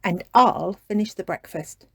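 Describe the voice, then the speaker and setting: A woman voicing a cheerful mother pig in a storybook reading, gentle and sing-song. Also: fairly low pitch, measured pace, vocal fry, slightly rough, heavily acted. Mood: pleasant.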